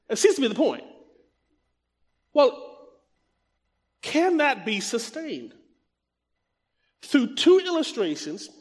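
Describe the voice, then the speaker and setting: A middle-aged man preaching a sermon, reading scripture slowly and emphatically, then breaking into quick conversational asides to the congregation. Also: very high voice. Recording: long reverb of a large hall.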